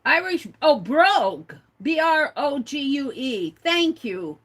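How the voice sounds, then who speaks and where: A woman's voice: sits high, big pitch swings, slow, fairly bright tone. A woman hosting a casual livestream, chatting with viewers, reading their comments aloud and spelling out words letter by letter. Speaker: livestream host.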